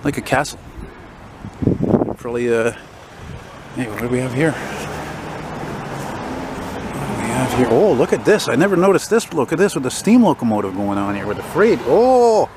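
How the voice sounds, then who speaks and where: A man's voice: mid-range voice, expressive, a little fast, pauses often. Blunt French Canadian man walking city streets. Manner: blunt, swears freely, grumbles about politicians. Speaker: vlogger. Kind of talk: casual walking vlog commentary. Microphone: handheld camera mic while walking. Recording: street noise from passing cars. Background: passing traffic and street noise.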